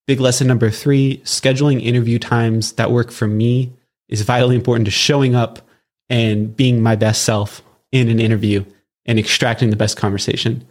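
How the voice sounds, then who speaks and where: A man's voice: mid-range voice, flat delivery, moderate pace. A man from Southern California hosting a solo podcast, talking in a loose, rambling way with plenty of fillers and restarts. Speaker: podcast host.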